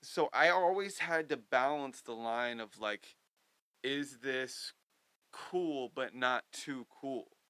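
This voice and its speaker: A young man from Missouri, a podcast guest, telling stories in animated, swearing casual chat. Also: mid-range voice, takes it slowly, clean tone, no room sound, rough recording. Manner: animated storyteller, swears freely.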